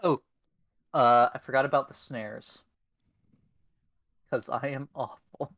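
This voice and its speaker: Game master: man, mid-pitched, relaxed and self-deprecating, dry close sound. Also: takes it slowly, dry recording. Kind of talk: narrating a tabletop game over voice chat.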